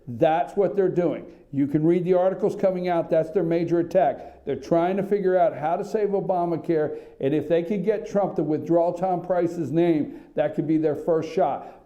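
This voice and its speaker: A man with a high voice and a mellow, warm tone runs a political talk radio monologue from a small studio. He rambles and gets worked up, drifting off on tangents with a sarcastic edge. He talks straight into a studio microphone.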